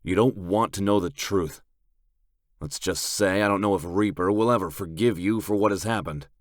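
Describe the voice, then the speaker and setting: A man's voice: low-pitched, moderate pace, no echo, clean studio sound, natural voice. A man reading an audiobook, voicing a commanding adult male biker with a firm manner. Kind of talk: audiobook character voice.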